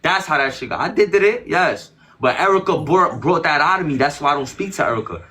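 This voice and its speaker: A man's voice: fairly high pitch, lively intonation, fairly quick, bright, forceful tone. A man as an interview guest, talking in a casual, emphatic and slangy way, often repeating himself defensively.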